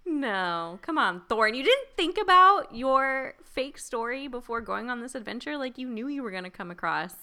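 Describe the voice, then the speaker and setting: A woman's voice: a little high, sing-song, moderate pace, few pauses, sharp tone, clear, resonant tone. A woman co-hosting a podcast, joking and giggling through a casual book chat. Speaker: podcast co-host.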